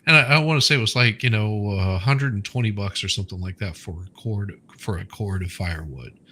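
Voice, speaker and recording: A man's voice: lowish voice, a little fast, bright, forceful tone, slight background noise. A man co-hosting a casual chat, telling a rambling story from memory. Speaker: co-host.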